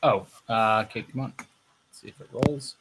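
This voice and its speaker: A man playing a tabletop game, talking haltingly with many restarts and fillers. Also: medium pitch, fairly bright tone, a little hiss or hum. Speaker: player.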